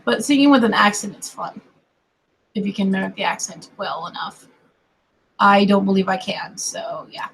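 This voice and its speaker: A woman's voice: mid-range voice, moderate pace, creaky, a bit bright, slight background noise, poor audio. A woman streaming while she draws, talking in a casual, rambling way with apologetic, self-deprecating asides that often trail off into murmurs. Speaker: digital artist streaming her drawing. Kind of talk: casual commentary while drawing.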